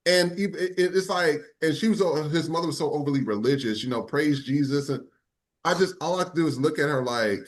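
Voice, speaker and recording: A man's voice: on the high side, brisk. A man hosting a podcast, telling a personal story in a casual way and repeating words for emphasis. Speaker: podcast host.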